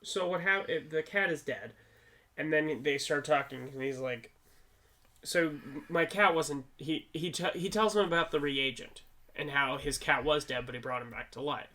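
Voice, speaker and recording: A man chatting on a film review podcast, his voice bright and clear. He walks through the plot scene by scene in a relaxed, conversational way, slipping into quick impressions of the characters' dialogue. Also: fairly high pitch. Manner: animated retelling of scenes, acting out lines. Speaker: podcast co-host. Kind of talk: casual movie review chat.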